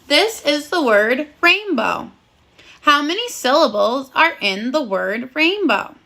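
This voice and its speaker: Leading young kids through phonics, this first grade teacher sounds very animated, her voice high and bright. She goes slowly and clearly, breaking down words one by one, always in an encouraging tone.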